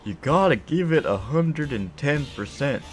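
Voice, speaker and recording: A man's voice: on the high side, animated, measured pace, soft background music, voice pushed up. A man doing an impression of a drawling, plain-spoken middle-aged cartoon dad. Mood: folksy.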